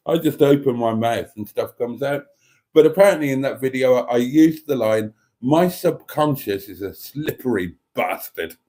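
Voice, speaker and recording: A man's voice: medium pitch, dark tone. A man hosting a casual live chat, reading out viewer comments in a camp, theatrical manner. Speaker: host of a live chat show.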